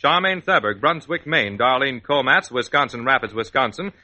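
A male radio announcer briskly reading a list of names on an old broadcast. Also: medium pitch, expressive, bright, forceful tone, rough recording.

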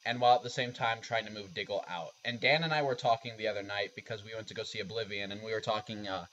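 A man co-hosting a podcast in a casual discussion, thinking aloud in a measured way. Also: fairly low pitch, fairly bright tone. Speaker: podcast co-host. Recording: dull lo-fi audio.

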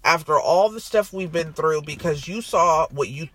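A woman's voice: deep voice, normal speed, a bit bright. A woman co-hosting a podcast, chatting casually and ranting in exasperation about soap opera plots. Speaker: podcast co-host.

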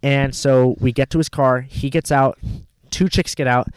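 Guy telling a crazy driving story, swearing a lot, regular pitch, dry close sound. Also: normal speed, clean tone, no room sound. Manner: rambling, heavy swearing, animated retelling. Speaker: rideshare driver telling a story. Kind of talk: casual storytelling chat.

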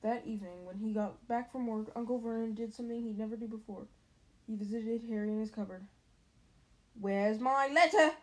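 A woman's voice: on the high side, steady tone, fast talker, dark tone, rough recording. Woman casually reading a novel aloud. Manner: casual, with slips and restarts. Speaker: reader.

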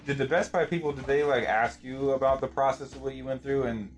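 A man's voice: mid-range voice, steady tone, fairly quick, soft background music. A man in a casual chat, speaking bluntly.

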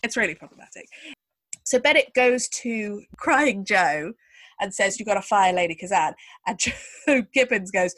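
A woman's voice: mid-range voice, lively intonation, normal speed, fairly bright tone, no room sound. A woman hosting a podcast, telling a story in a chatty, wry way with lots of asides. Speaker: podcast host. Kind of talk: casual chat.

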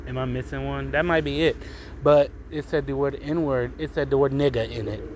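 A man's voice: mid-range voice, fairly even intonation, normal speed, noisy background. A man hosting his own podcast from home, ranting casually with heavy swearing and mocking asides. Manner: profane, heated ranting, mocking. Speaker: podcast host. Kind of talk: casual solo rant. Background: cars passing outside.

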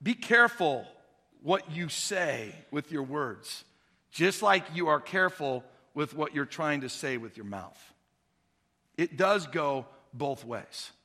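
A male pastor preaching a sermon, swinging between quiet, conversational asides and loud, shouted exhortation. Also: on the high side, lively intonation, slow pace, in a large hall.

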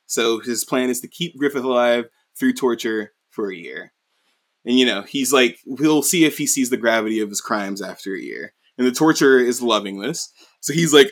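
A man's voice: mid-range voice, brisk, a bit bright. A man casually recapping a story, rambling with lots of fillers and swearing. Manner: profane, rambling, many fillers. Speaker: anime recap host.

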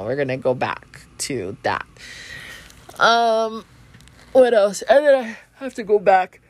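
A woman, congested and short of breath, rambling through a casual astrology chat and swearing freely. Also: lowish voice. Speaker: podcast host.

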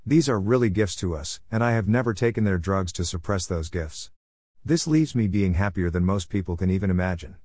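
A man's voice: low-pitched, animated, a little fast, a little mellow, no room sound, clean studio sound. A middle-aged man reading his own letter aloud, in a blunt, preachy and irreverent way. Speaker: podcast host.

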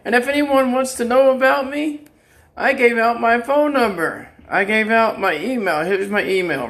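A man's voice: extremely high pitch, normal speed, a bit bright. An older man talks in a rambling personal monologue, defiant and taunting, and he breaks into laughter now and then. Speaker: vlogger.

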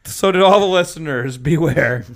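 A man's voice: fairly high pitch, moderate pace, creaky. A man co-hosting a podcast, telling a long rambling anecdote in casual chat, full of fillers and laughter. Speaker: podcast co-host.

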